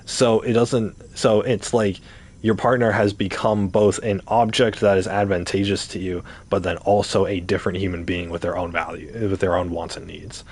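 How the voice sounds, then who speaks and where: A man's voice: low-pitched, little pitch movement, moderate pace, husky. A man talking casually while playing a game, ranting with rhetorical questions and swearing. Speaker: gaming streamer. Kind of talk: casual rant while gaming.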